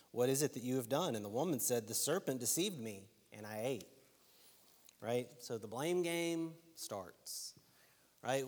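A man preaching a sermon in a relaxed, conversational way who keeps checking in with his listeners. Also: mid-range voice. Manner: conversational, keeps asking "right?". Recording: long hall reverb.

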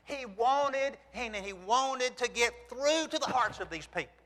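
A man's voice: very high voice, lively intonation, measured pace, pushed and bright. A man preaching a sermon. He talks earnestly, asks rhetorical questions, and reads passages of scripture aloud. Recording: long reverb from a large hall.

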